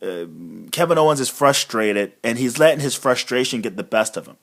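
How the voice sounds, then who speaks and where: A man's voice: medium pitch, animated, fairly quick, fairly bright tone. A man giving a casual, rambling recap of a wrestling show, blunt and swearing freely. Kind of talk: casual profane recap monologue.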